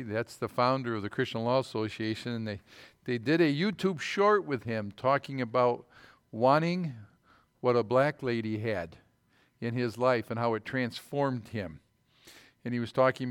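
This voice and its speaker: A man's voice: medium pitch, clear, resonant tone. A man preaching a sermon, telling a story in a colloquial way with false starts, then rising into fervent scripture reading.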